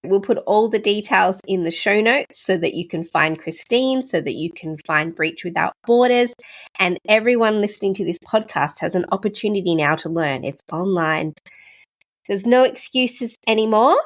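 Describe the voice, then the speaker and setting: A woman's voice: mid-range voice, animated, moderate pace. A woman hosting a podcast interview, asking questions and speaking earnestly and effusively. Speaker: podcast host. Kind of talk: casual interview.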